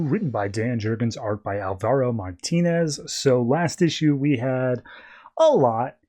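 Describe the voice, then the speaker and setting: A man's voice: mid-range voice, a little slow, mellow, faint music behind. A podcast host, a man, casually reviewing comic books in a chatty, rambling way that often corrects itself.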